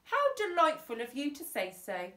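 An ever-eager woman vicar , voiced by a woman reading a storybook, gushing and high-pitched. Her welcomes swoop up and down. The room around her echoes. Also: huge pitch swings, moderate pace, sharp tone, full character voice.

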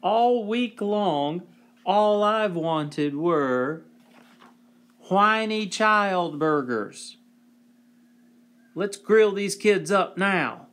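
A man's voice: a little high, steady tone, takes it slowly, few pauses, sharp tone. A man doing a pushy, eager monster neighbor. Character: greedy, excitable male monster neighbor.

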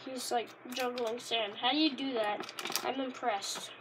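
A woman rambling casually in a vlog, easily delighted and bursting into loud exclamations. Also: a little high, steady tone, a little slow, noisy background. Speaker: Pokémon card reviewer. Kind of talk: casual unscripted vlog chat.

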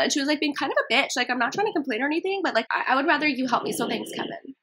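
Young female prank caller, nervous rambler, slightly high and husky. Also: expressive, fairly bright tone. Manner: rambling, nervous, breathless fast talk. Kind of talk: scambaiting prank call, fast talk.

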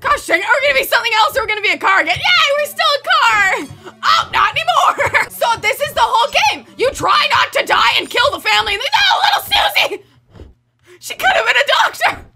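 A woman with a very high, bright voice narrates a game in let's play style, swinging wildly up and down in pitch. She breaks into excited shrieks and keeps up jokey running gags. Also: fairly quick, gravelly, soft background music. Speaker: gaming channel host.

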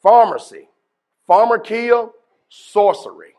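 A man with a notably high voice leads a workshop sermon as pastor, addressing a gathered congregation indoors. He peppers his preaching with questions to the room. His delivery swings from quiet, confiding asides to loud, emphatic bursts. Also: takes it slowly.

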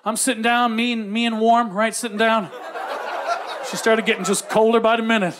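A man's voice: extremely high pitch, moderate pace, a bit bright. A young man, telling a brash, profane stand-up comedy story. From Canada.

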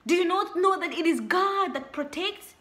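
Young woman preacher, very high and sharp voice, emphatic and repetitive delivery. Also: lively intonation, normal speed. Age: young adult. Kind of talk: sermon.

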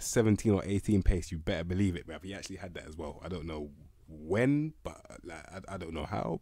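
A young man with a deep, darkish voice, recorded cleanly in a studio with no echo, gives blunt, slangy commentary on player ratings for a game video. He laughs a lot and keeps saying "bruv" and "can't lie."

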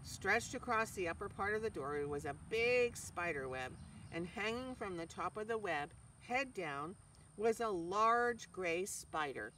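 A storyteller reading a children's chapter book aloud with expressive narration. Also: medium pitch, measured pace, far from the mic, a little hiss or hum, low-quality recording.

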